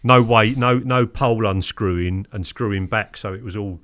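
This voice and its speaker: Guest in his fifties, low voice, dry sound, animated storyteller. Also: moderate pace, dry recording. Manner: animated, acts out quotes, keeps asking "do you know what I mean?". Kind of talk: casual storytelling interview.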